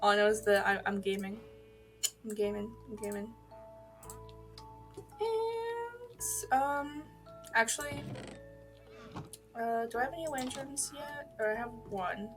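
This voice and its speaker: A woman's voice: high voice, lively intonation, unhurried, music in the background. A woman streaming a video game, chatting casually, rambling from topic to topic, swearing freely and answering her chat. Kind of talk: casual gaming livestream chat.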